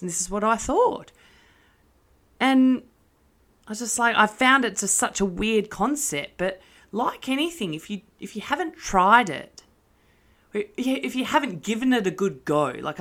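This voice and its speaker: A woman's voice: medium pitch, a bit bright. Candid, swearing woman. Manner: candid, swearing, self-mocking with laughs. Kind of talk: casual monologue.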